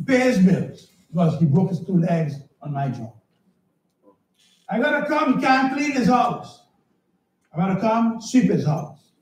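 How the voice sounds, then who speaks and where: A man preaching a sermon as pastor, animated and storytelling, sometimes shouting. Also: very high voice. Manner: animated, shouting at times, storytelling with acted dialogue. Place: church. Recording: echoey church hall, mic at a distance. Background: congregation answering.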